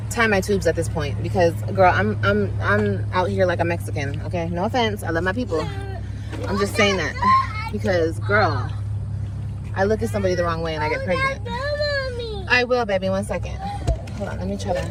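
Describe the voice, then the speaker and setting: A woman's voice: mid-range voice, a little fast, crowd noise. Woman rambling to her viewers from the car, making fun of herself, bossing the kids, heavy road noise behind. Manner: rambling, self-mocking, scolds kids mid-talk. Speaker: vlogger mother. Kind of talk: casual vlog to viewers. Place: inside a moving car. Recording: loud car noise behind, played clip.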